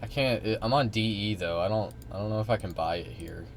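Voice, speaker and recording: A man's voice: on the low side, fairly quick, slight background noise. A young man streaming, reacting to a clip in casual, rambling talk full of fillers and swearing. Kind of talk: live stream reaction commentary.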